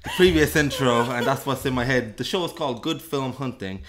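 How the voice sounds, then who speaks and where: A man's voice: medium pitch, fast talker. Rambling, jokey male film podcast host. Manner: rambling, self-deprecating, jokey. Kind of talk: casual film review chat.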